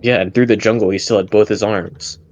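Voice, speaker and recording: Blunt male player, low voice, casual tabletop chat. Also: fairly even intonation, a little fast, muffled recording. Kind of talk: casual tabletop role-play.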